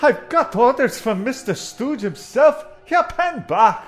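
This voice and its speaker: A man putting on a gruff old mine foreman. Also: very high-pitched, lively intonation, a little slow, fairly bright tone, soft background music, full character voice. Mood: bossy. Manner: bossy, clipped orders.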